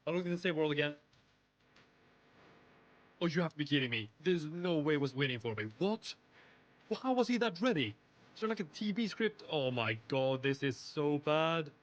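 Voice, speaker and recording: Excitable young man narrating his gameplay. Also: a little high, normal speed, long pauses, dull audio. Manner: excitable, pleading with the game. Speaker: gaming streamer. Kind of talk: live gameplay commentary.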